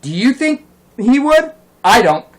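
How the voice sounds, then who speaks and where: A man's voice: very high-pitched, very animated, measured pace, rough recording. A man delivering a heated, profane rant as a vlogger, indignant and insistent. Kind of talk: angry ranting monologue.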